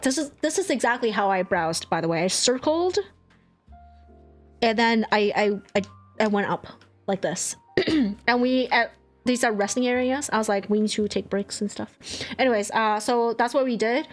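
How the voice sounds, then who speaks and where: A young woman streamer chatting casually, telling a story with animated swearing and acted-out quotes. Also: a little high. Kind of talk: casual chat.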